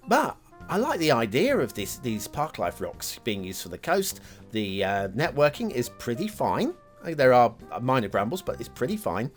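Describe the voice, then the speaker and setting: A man's voice: medium pitch, big pitch swings, moderate pace, soft background music. A man hosting a game map review show, talking casually over gameplay with lots of fillers and wry asides. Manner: chatty, rambling, many fillers and self-deprecating asides.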